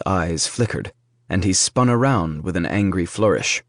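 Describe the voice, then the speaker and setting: A man narrating a fantasy audiobook in a measured storytelling manner. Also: deep voice, animated, no room sound.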